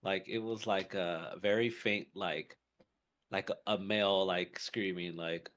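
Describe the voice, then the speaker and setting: A man co-hosting a podcast tells a story in casual chat, his voice sitting low with a fairly bright tone at a normal speed. He fills his telling with lots of fillers and restarts.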